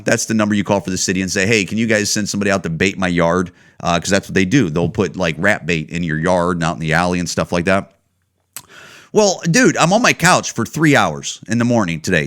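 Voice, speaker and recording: A man hosting a podcast, ranting casually and swearing a lot. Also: medium pitch. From Chicago. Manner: profane, animated ranting. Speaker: podcast host. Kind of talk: casual rant.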